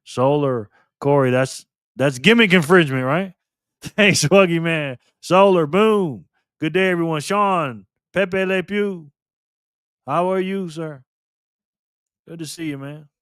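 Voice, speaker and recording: A man hosting a casual livestream, calling out viewers and donations with upbeat shout-outs. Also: a little high, unhurried, clear, resonant tone, no room sound, studio quality. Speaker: livestream host.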